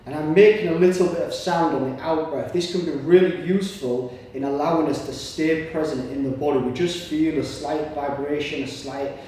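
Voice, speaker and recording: Male movement coach, encouraging and steady, recorded far off in a reverberant room with faint background noise. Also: on the high side, normal speed, hardly any pauses. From Britain. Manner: encouraging, breathing audibly between cues. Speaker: somatic exercise instructor. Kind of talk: guided exercise instruction.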